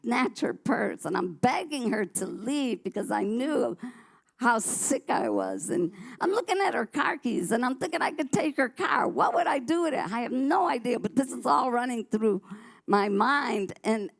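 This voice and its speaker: A woman's voice: fairly high pitch, sing-song, normal speed, vocal fry. A woman sharing her personal testimony on a church talk show, telling her story vividly and animatedly, often restarting her sentences.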